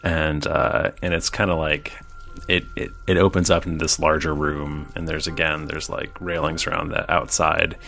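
Deep, gravelly man as game master; hesitant, filler-heavy scene narration. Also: little pitch movement, moderate pace, sharp tone.

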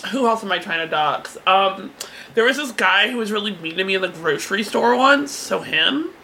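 A woman's voice: mid-range voice, lively intonation, moderate pace, bright, forceful tone, a little hiss or hum. A young adult woman co-hosting a podcast in casual chat, laughing often and swearing freely. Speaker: podcast co-host.

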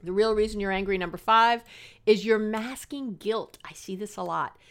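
A woman's voice: mid-range voice, moderate pace, fairly bright tone. Middle-aged woman podcast counselor, mid-range voice, chatty, earnest, self-mocking. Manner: chatty, earnest and passionate, laughs at herself. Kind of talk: casual advice podcast monologue.

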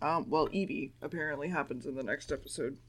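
A woman's voice: low-pitched, fast talker, breathy edge. A woman co-hosting a podcast, casually recapping a show with blunt, sarcastic asides. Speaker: podcast co-host.

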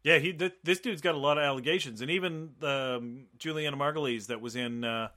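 A man's voice: fairly high pitch, brisk. A man co-hosting a podcast, riffing on a movie in casual profane chat and acting out mocking quotes. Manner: animated, swears a lot, acts out mocking quotes. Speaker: podcast co-host.

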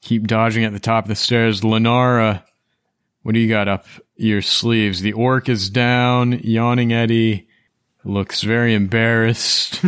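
A man's voice: lowish voice, fairly bright tone, clear, resonant tone, no room sound, studio quality. A man narrating and running a tabletop role-playing game in a laid-back, jokey way, often breaking into laughter. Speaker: game master.

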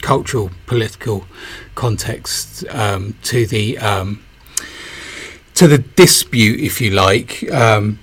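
A man hosting a podcast, asking long questions in a hesitant, halting way full of fillers. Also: lowish voice, slightly rough. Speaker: podcast host. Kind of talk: interview questions.

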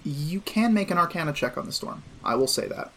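A man narrating and running a tabletop game, explaining rules calmly. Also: fairly high pitch, fairly quick, a little hiss or hum. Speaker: game master.

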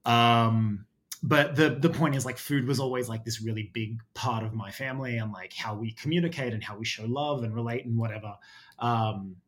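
A man's voice: medium pitch, fairly even intonation, normal speed. A man in his thirties with an Australian accent, talking as a podcast guest in a rambling way, full of fillers and restarts. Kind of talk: casual chat.

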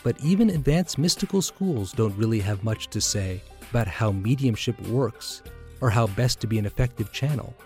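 A male podcast host reading a scripted introduction in a measured, deliberate way. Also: medium pitch, animated, darkish tone, soft background music. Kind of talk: scripted narration.

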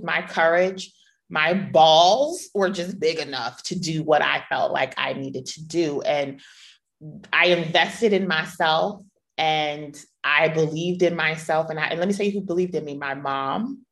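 A middle-aged woman with a low, full voice hosts a podcast. She tells stories from her own life candidly and playfully, and leans hard on the words she wants to land. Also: fairly bright tone. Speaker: podcast host. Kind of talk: personal storytelling monologue.

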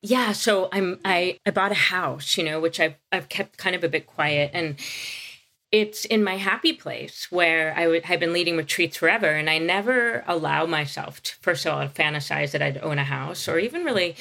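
Guest: candid woman in her forties, bright and forceful, chatty asides. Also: on the low side, vocal fry. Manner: candid, rambling, quick asides. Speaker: guest author and yoga teacher. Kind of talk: casual conversation.

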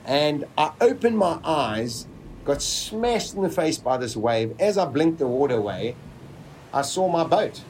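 A man's voice: fairly high pitch, very animated, a little mellow, slight background noise. Man telling a dramatic survival story. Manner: vivid, dramatic retelling with pauses.

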